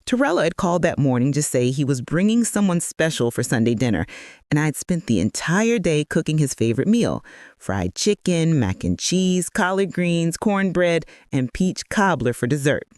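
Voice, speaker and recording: Brief: woman, 60s, first-person storyteller, earnest and reflective, very expressive melody, dry close sound. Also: sits low, moderate pace, no echo.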